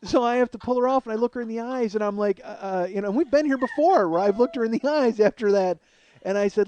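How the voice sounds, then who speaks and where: A man's voice: extremely high pitch, fast talker, darkish tone, dull audio, slight background noise. A man telling a long comic story, rambling, self-mocking and cursing freely. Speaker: comedian.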